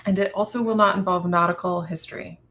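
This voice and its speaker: A woman's voice: fairly low pitch, steady tone, fast talker, sharp tone. A woman moderating a webinar, easygoing, reading out audience questions over a video call and laughing along with the guest.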